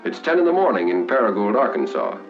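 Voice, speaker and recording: A man giving formal, measured wartime documentary narration in the 1940s style, with dramatic pauses. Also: on the low side, wildly swooping pitch. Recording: dull 1940s film soundtrack with music.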